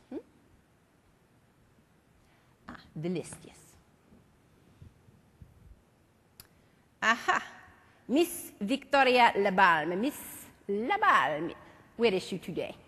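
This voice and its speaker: A woman putting on an elderly French mime master, fussy and exacting, drawing out his accented words slowly and precisely. The voice is husky, and long hall reverb trails after each phrase. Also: mid-range voice, exaggerated voice. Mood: pompous.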